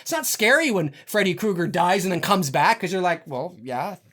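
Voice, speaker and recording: A man's voice: high voice, animated, normal speed, pushed and bright. A man delivering an unscripted, profane film rant, emphatic and full of fillers. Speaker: film commentator.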